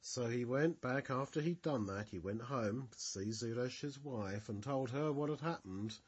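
A man telling a bible story to children in a gentle, expressive way. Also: medium pitch, moderate pace, breathy edge, highs cut off.

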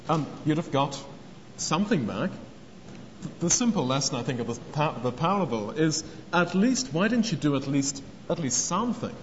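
An earnest man preaches with a fairly high voice. His words trail off into the long reverb of a large church hall, and the recording sounds dull and lo-fi, with a faint hiss underneath. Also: big pitch swings, normal speed. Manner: earnest, acts out quoted speech. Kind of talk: sermon on a parable.

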